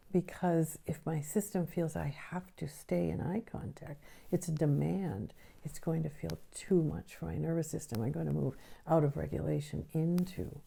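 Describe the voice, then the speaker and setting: In a recorded lesson on the nervous system, a woman explains things patiently and frequently checks in with a quick question. Her voice sits low and sounds creaky, mellow, and husky.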